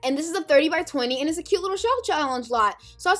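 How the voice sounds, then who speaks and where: A high-pitched woman vlogger greets her viewers with dramatic, playful slang. Her voice sits well above the usual range. Faint music plays under her talk. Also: expressive, rapid-fire, fairly bright tone. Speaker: YouTube host. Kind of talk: casual chat to camera.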